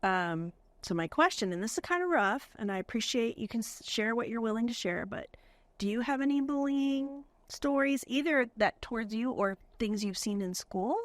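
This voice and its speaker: A woman's voice: fairly high pitch, expressive, moderate pace, no echo. A middle-aged woman from California hosting a podcast, talking in an earnest, chatty way with lots of fillers. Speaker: podcast host. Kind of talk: casual chat with guests.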